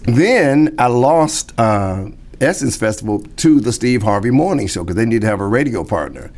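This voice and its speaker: Middle-aged male comedian, lowish voice, lively storyteller who does the voices. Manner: acts out quoted voices, shifting pitch. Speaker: comedian guest. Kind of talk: animated storytelling.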